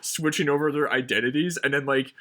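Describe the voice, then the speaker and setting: A man co-hosts a relaxed film discussion podcast. He rambles along at a middling pitch, packing his sentences with "like" and "um." His tone stays casual and conversational throughout. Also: fast. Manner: rambling, filler-heavy, lots of "like" and "um". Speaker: podcast co-host.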